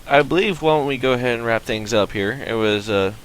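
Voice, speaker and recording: A man hosting a casual podcast roundtable, relaxed and hesitant, with many filler sounds. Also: mid-range voice, a little fast, clean tone, poor audio. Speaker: podcast host.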